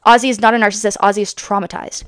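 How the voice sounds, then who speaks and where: A woman in her twenties from Canada, giving casual, animated commentary on a reality show and acting out what the cast said. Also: medium pitch, very fast, no echo. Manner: animated, acts out the cast's quotes, swears. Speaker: commentary YouTuber.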